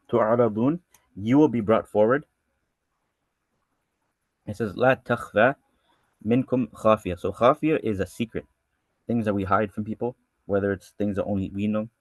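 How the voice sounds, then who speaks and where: A man's voice: on the low side, no room sound. A man teaching a verse-by-verse scripture lesson who reads each Arabic line and then explains it casually, often restarting his sentences. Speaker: religious studies teacher.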